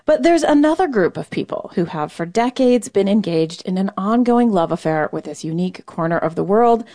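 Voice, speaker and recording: A woman radio reporter narrating a scripted news feature in a measured, clear way. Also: mid-range voice, animated, dark tone.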